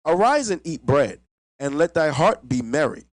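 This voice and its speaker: A man reads scripture aloud in a steady, formal manner. His voice is a little high, and the sound is dry, with no room echo. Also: moderate pace. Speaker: scripture reader. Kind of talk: reading Bible verses aloud.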